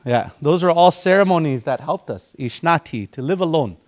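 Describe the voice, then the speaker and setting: A man's voice: fairly high pitch, expressive, moderate pace. Dakota man teaching a language class. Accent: Dakota community English. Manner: warm storytelling, acts out quotes, explains words one by one.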